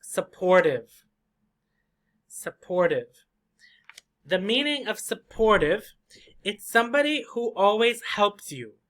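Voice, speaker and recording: A man teaching an English vocabulary lesson, slowly repeating and drilling each word for learners. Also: sits high, very animated, a bit bright. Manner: slow, repetitive drilling of words.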